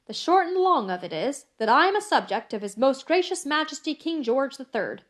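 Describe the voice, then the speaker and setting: A woman reading the part of a brisk, stubborn, fiercely loyal English maid, speaking emphatically in an audiobook. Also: high voice, big pitch swings. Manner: emphatic, brusque.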